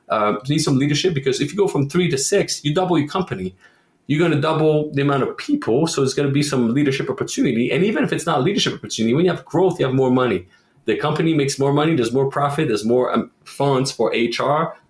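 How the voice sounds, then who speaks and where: A man's voice: mid-range voice, fast, roomy sound. A man from Quebec, a roofing company owner, talking in a casual podcast interview and acting out quoted voices as he tells stories. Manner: animated storyteller who acts out quoted voices.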